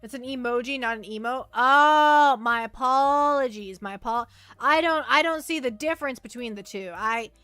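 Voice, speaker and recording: Bright, high-voiced woman streamer. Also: normal speed, clear, resonant tone, no echo, faint music behind. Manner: chatty, reads chat aloud, trails off and restarts. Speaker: VTuber streamer. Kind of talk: casual livestream chat.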